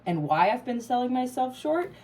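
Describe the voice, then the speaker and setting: A woman's voice: on the high side, big pitch swings, moderate pace, warm tone, slight background noise, poor audio. A woman doing a casual tarot reading to camera, emphatic and swearing freely. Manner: emphatic, swears freely, laughs and gets emotional. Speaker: tarot reader.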